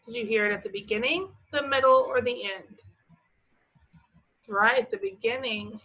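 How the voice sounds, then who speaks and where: With a bright, slightly high voice, a young preschool teacher puts simple questions to the children and answers encouragingly. She speaks very slowly and patiently, and the audio sounds dull.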